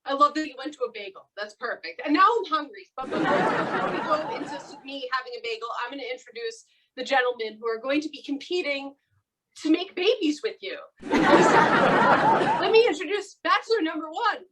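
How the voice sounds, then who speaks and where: A woman's voice: sits high, animated, fast. A woman hosting a live comedy dating game show, playful and teasing, with frequent laughter. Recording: live club with loud crowd noise.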